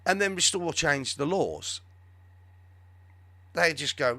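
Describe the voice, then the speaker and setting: A man's voice: on the high side, animated, takes it slowly, pushed and bright, dry recording. A man hosting a live show, giving rambling, sarcastic, off-the-cuff commentary on the news. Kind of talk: live political commentary chat.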